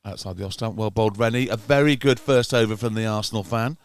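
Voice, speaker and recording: A man's voice: on the low side, fast talker, clean tone. A man doing chatty live commentary on a club cricket match, teasing his co-commentator. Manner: chatty, teasing, gets excited at wickets.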